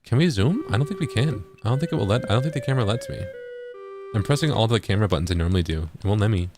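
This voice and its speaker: A young man streams a cozy game and chats playfully with viewers, puzzling things out aloud. His pitch moves around a lot as he talks. Soft game music plays faintly behind him. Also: expressive, rapid-fire. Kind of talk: casual gaming commentary.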